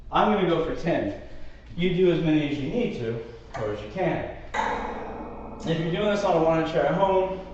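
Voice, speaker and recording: A man's voice: fairly high pitch, a little mellow. Breathless male Pilates instructor, echoey room. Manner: coaching while exercising, counting reps. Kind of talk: live workout class instruction. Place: warm studio. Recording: echoey, distant, slightly muffled mic.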